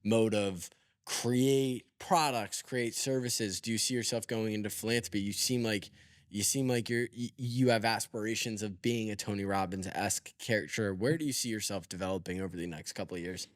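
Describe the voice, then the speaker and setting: A man hosting a podcast, talking in a thoughtful, halting way with many restarts. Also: on the low side, fairly even intonation, dry recording, clean studio sound. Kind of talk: conversational podcast interview.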